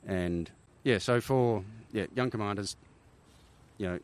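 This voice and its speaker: A middle-aged Australian man, a former army helicopter pilot, telling animated stories in a casual interview, often checking in with "right?". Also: on the low side, a little slow. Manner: animated war-story telling, frequent "right?" tags.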